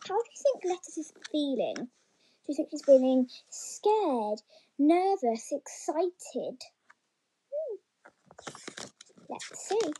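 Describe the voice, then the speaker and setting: A woman reading a children's picture book aloud, chatty and encouraging, with frequent ums and stumbles as she pauses to ask the listeners questions. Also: high-pitched, very animated, warm tone, low-quality recording. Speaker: story reader for young children.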